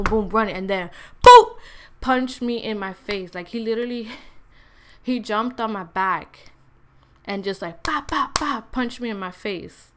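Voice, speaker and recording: A woman's voice: mid-range voice, a little hiss or hum. Slangy woman telling a story. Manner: slangy, blunt, many fillers and restarts. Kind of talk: casual storytime monologue.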